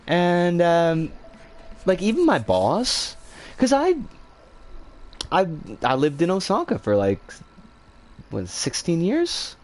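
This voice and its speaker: A middle-aged streamer talks with viewers during a livestream, ranting in an exasperated, profane way and often sighing and laughing as he answers them. The voice sits at a medium pitch with huge swings, and the pace is slow with frequent pauses.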